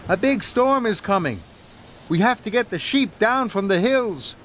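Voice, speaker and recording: A man voicing an alarmed male farmer who shouts an urgent warning. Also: high-pitched, animated, a little slow, slight background noise, voice pushed up.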